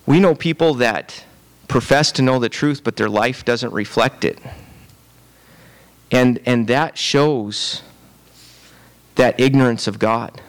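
A man's voice: medium pitch, takes it slowly, long pauses. A man preaching a sermon in a conversational, repetitive way, often checking in with "right?". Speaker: pastor.

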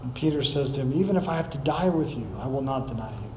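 A man's voice: medium pitch, expressive, fast talker, darkish tone, slight background noise. Man preaching in an echoey hall. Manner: expository preaching, reads scripture aloud with rising emphasis. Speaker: pastor. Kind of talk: sermon.

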